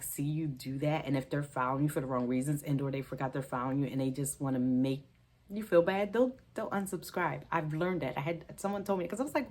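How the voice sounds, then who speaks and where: A woman's voice: sits low, a little mellow. A woman hosting a budgeting channel, talking casually and emotionally to camera, rambling and correcting herself as she goes, with a gap in her teeth. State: tearful at times.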